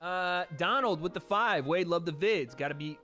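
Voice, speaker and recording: A man's voice: high voice, normal speed, bright, forceful tone, soft background music. A young man from the American South chatting casually on a livestream, reading donations and trailing off with laughs. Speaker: streamer hosting a watch party.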